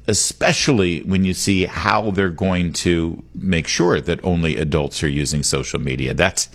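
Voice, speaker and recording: A man's voice: low-pitched, moderate pace. A man hosting a talk radio show from a studio, delivering an emphatic, opinionated monologue and repeating the call-in number. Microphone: studio microphone.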